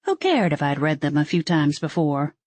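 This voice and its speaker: A woman's voice: sits low, big pitch swings, moderate pace, a little mellow, dry recording. Woman reading a first-person audiobook. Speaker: audiobook narrator.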